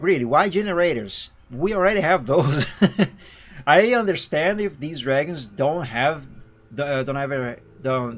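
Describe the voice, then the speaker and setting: A man on a live stream, reading a visual novel aloud and chatting with viewers in an animated way, often laughing. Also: on the high side. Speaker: game streamer. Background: faint game music.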